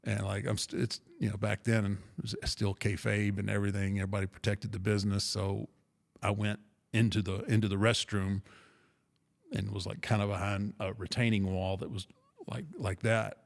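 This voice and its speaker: A middle-aged man casually telling a rambling, self-deprecating story with restarts, in a gravelly voice. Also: on the low side, level tone, moderate pace. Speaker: podcast guest storyteller.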